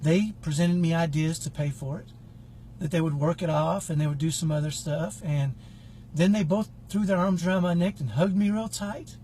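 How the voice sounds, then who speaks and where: A man's voice: a little high, fairly even intonation, moderate pace, warm tone, slight background noise. A middle-aged man telling a personal story in a casual, earnest, reflective way as a parenting coach. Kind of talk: casual talk to camera.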